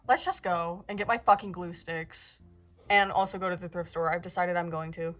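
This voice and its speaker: A woman's voice: on the low side, steady tone, moderate pace, fairly bright tone, soft background music. Anxious rambling teen girl vlogger. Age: late teens. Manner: anxious, rambling, swears a lot. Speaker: book vlogger. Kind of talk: casual vlog chat to camera.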